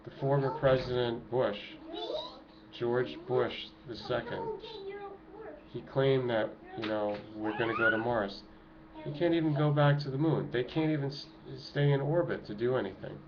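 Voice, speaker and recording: With a crowd audible in the background, a middle-aged man speaks in a mid-range voice at a moderate pace. As an activist vlogger at home near his children, he urgently preaches to viewers in an emotional monologue, recorded on dull, noisy lo-fi equipment.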